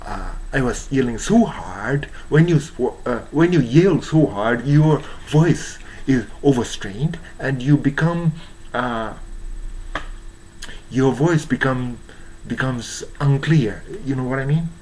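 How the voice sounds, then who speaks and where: Hoarse japanese-accented guy talking real slow in a monologue, lots of uhs and restarts, faint hiss behind. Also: mid-range voice, lively intonation, darkish tone, poor audio. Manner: halting, many fillers and restarts, searching for English words. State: hoarse, voice strained from yelling. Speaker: YouTuber.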